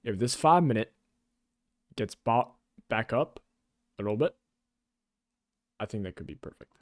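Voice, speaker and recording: A young man giving casual, excitable live trading commentary, swearing often and calling people "bro". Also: fairly low pitch, a little slow, no room sound, clean studio sound. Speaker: day trader.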